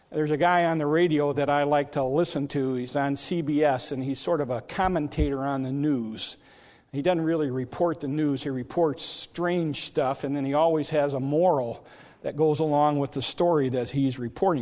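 A man's voice: a little high, darkish tone. A man preaching a sermon as pastor, in a folksy, conversational way with frequent hesitations. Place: church sanctuary. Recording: long hall reverb.

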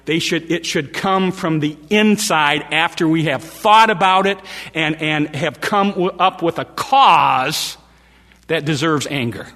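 Male preacher, bright high voice, emphatic repeats, sermon in a reverberant church hall. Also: measured pace.

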